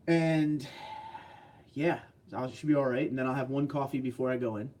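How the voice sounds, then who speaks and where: A New Jersey man hosts a relaxed livestream, reading chat messages aloud in a mid-range, slightly mellow voice with fairly even intonation at normal speed. Though short on sleep, he stays upbeat and chuckles often.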